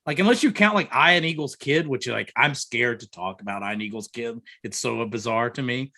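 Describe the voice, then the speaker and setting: A man's voice: mid-range voice, moderate pace, bright, forceful tone. A man co-hosting a podcast in casual chat, chatty and opinionated with a teasing streak, on a remote computer call. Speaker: podcast co-host.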